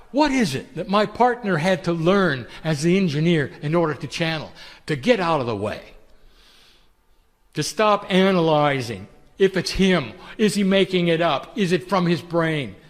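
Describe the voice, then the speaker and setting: A man giving a channeled spiritual talk in a gentle, intimate, preacherly way. He often asks the listener rhetorical questions. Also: fairly high pitch, in a large hall.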